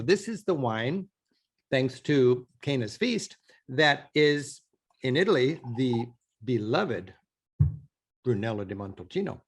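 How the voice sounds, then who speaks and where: A man hosts a travel show, talking straight to the camera in a loose, eager way. His voice has a slightly husky edge, and he circles back to hammer home his points. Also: mid-range voice. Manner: enthusiastic, chatty, repeats for emphasis. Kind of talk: casual on-location talk to camera.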